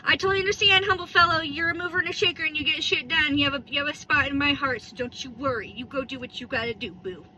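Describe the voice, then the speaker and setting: A woman's voice: sits high, fast, hardly any pauses, sharp tone, low-quality recording. A woman in her thirties chatting casually and rambling while she vlogs from her car on a phone camera. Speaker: vlogger. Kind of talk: casual driving vlog chat. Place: in a parked car.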